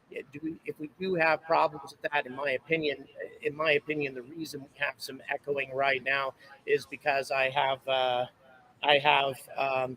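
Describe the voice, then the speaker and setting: Rambling through a casual stream at a launch site lookout, the host reads viewer locations aloud and offers thanks. He has a medium-pitched, slightly bright voice, and the audio from his handheld camera microphone is poor.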